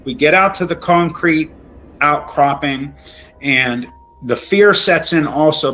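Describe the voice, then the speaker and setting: A middle-aged man, shaken and near tears, tells a true scary story as a guest. He talks in a halting way, with many restarts. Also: a little high, a bit bright, poor audio.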